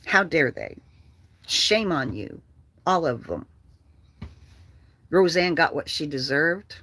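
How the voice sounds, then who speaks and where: A woman's voice: sits low, lively intonation, slow, fairly bright tone, husky. An older woman hosting a casual livestream, ranting bluntly and with swearing while reading out comments from viewers. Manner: blunt, profane, ranting, reads comments aloud. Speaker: livestream host.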